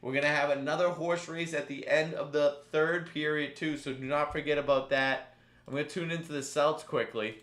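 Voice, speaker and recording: A man hosting a live stream, calling a chat horse race with animated play-by-play and banter. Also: a little high, normal speed, roomy sound. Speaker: stream host.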